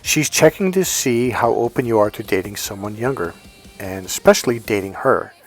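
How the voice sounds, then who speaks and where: A man's voice: on the low side, lively intonation, moderate pace, faint music behind. A man in his fifties giving casual dating advice, rambling with restarts and acting out quoted dialogue. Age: 50s. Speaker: dating coach.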